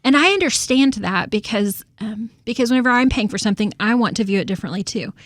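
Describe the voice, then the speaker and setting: A woman's voice: on the high side, animated, quick pace, no echo, clean studio sound. A woman co-hosting a podcast, chatty, laughing often and repeating words as she starts a thought. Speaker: co-host and real estate agent. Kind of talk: casual podcast chat.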